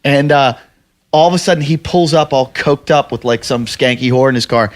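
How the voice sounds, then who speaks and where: A podcast host telling a profane story in casual chat, acting out other people's angry shouting. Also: male voice, mid-range voice, moderate pace.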